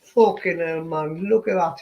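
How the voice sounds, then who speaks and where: A man's voice: on the high side, a little slow, vocal fry, highs cut off, slight background noise. A man with a Geordie accent trading crude, sweary banter as a guest on a casual live-stream chat. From North East England. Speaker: panel guest.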